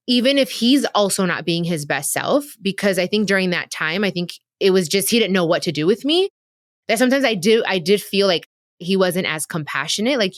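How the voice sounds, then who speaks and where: Confiding in her listeners directly, a podcast host in her thirties gets candid and emotional about her marriage in a casual chat. She has a low, slightly bright voice, captured in clean studio sound with no room sound.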